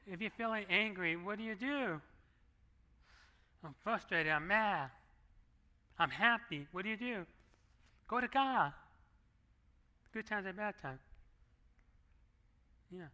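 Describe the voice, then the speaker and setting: A man's voice: sits high, a little slow, pauses often, bright, forceful tone. A middle-aged man preaching a sermon as pastor, talking conversationally and slipping into acted asides, on a handheld microphone in a church. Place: church sanctuary.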